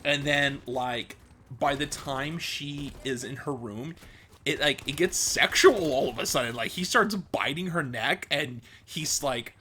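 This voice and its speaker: A man vlogging, retelling a story in a casual, excitable way with lots of fillers. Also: on the high side, measured pace, slight background noise.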